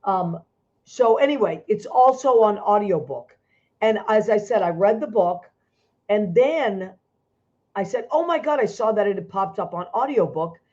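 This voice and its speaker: A woman's voice: mid-range voice, expressive, a little slow, a little mellow. An effusive, emotional woman hosts a chat show over a video call. She talks in gushing bursts and keeps restarting her sentences. Her voice sits in a middle register, and the audio is dull and lo-fi. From Italian-American. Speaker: host.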